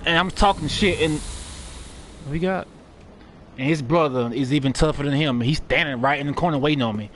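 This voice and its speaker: Man, gaming streamer, profane trash talk, higher-pitched voice, noisy background. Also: fairly quick, long pauses. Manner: trash-talking, profane, yelling at enemies. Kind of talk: live gameplay commentary.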